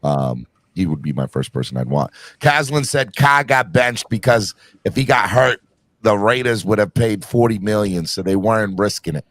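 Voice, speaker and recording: A man's voice: fairly low pitch, expressive, moderate pace, fairly bright tone, no echo. A man hosting a casual sports podcast, talking emphatically and often restarting his sentences. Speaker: podcast host.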